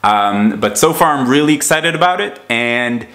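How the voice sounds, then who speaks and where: A man's voice: medium pitch, animated, normal speed, fairly bright tone. Chatty man with an American accent. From Israel. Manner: chatty, rambling with many fillers. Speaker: TV show host. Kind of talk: casual chat.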